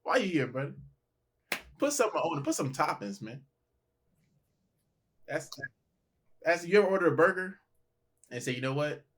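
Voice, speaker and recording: A man's voice: a little high, sing-song, moderate pace, long pauses, fairly bright tone. A man who is a comedian, guest on a podcast, talking in a laid-back, joking and teasing way. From Nigeria. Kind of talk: casual chat.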